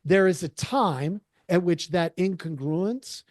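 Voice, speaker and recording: A man hosting his own podcast, talking through ideas in an emphatic, explanatory way and calling his listeners folks. His voice sits a bit high for a man, and the sound is dry and close with hardly any room echo. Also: takes it slowly, a little mellow. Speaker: podcast host. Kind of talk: solo podcast commentary.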